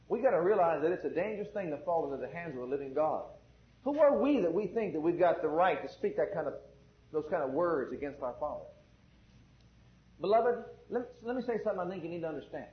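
Male preacher, high voice, fervent sermon delivery; roomy, dull-sounding recording. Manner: fervent, swings from hushed to loud. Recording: echoey, dull lo-fi church recording.

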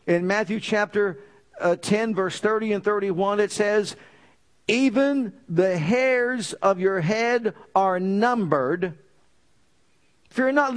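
A man with a fairly high voice preaches a sermon. He declares scripture with emphasis and presses his listeners with rhetorical questions.

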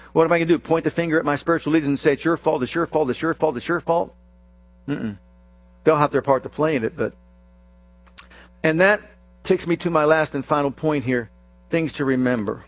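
A man preaching a sermon, acting out scripture scenes with slow emphasis and sudden rapid bursts. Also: on the high side, no echo. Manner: dramatic, acts out quoted scripture voices, shifts between slow emphasis and rapid bursts.

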